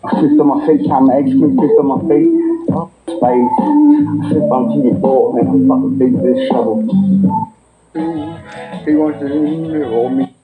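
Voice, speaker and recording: A man's voice: mid-range voice, sing-song, unhurried, echoey room, loud music behind the voice. Guy rambling a profane freestyle, repeats lines over and over, dull lo-fi audio. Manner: rambling, profane, repetitive chanting. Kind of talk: freestyle rapping.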